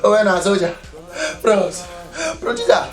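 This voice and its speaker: A man with a Nigerian Pidgin accent excitedly retelling a mishap in a comedy skit, breathless and chuckling as he talks. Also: high-pitched, a little slow, soft background music. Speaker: comedian telling his own story.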